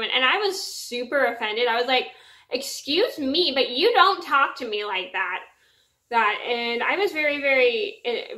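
A woman with a bright, slightly high voice tells a story to her channel's viewers. She talks earnestly and repeats words and restarts her sentences often. The sound is echoey, as if she is in a bare room. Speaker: vlogger. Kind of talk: casual storytelling vlog.

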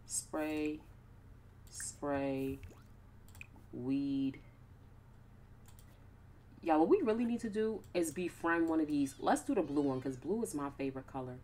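Chatty low-voiced woman gamer. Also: expressive, takes it slowly, pauses often, warm tone, a little hiss or hum. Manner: chatty, playful, slangy asides. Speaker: gaming YouTuber. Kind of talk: casual gameplay commentary.

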